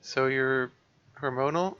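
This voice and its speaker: A man voicing a caring, persistent young woman who coaxes a friend and keeps gently insisting on helping. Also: mid-range voice, slow pace, smooth, highs cut off, pitched above the performer's own voice. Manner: eager, coaxing, gently insistent.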